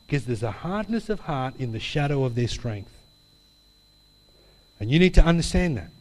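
A man's voice: medium pitch, big pitch swings, normal speed. Man preaching in a reverberant hall. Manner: chatty storytelling with tag questions. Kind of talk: sermon with a personal story.

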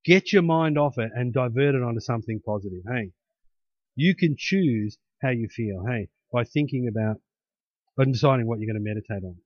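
A man's voice: mid-range voice, brisk, no room sound. Pastor guy preaching, chatty, keeps saying hey?, kinda muffled lo-fi dry audio. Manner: conversational, with frequent "hey?" tags and restarts. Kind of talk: sermon. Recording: dull lo-fi, dry.

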